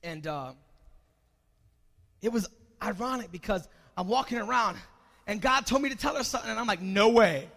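A man preaching a sermon as pastor, moving from quiet storytelling into loud, rising exhortation. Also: high-pitched, moderate pace, vocal fry, pauses often, big-room sound.

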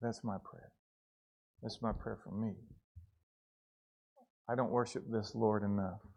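A man preaching a sermon in church, earnest and repeating words for emphasis, swinging between soft and loud passages. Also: fairly low pitch, little pitch movement, a little slow, creaky. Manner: earnest, repeats words, rises and falls in loudness.

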